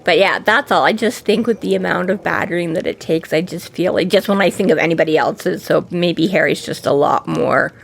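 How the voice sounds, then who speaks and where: A woman's voice: on the low side, fairly quick, gravelly, few pauses, a little hiss or hum. A woman co-hosting a casual book podcast, rambling with lots of fillers and acted-out quotes. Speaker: podcast co-host. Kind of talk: casual book discussion chat.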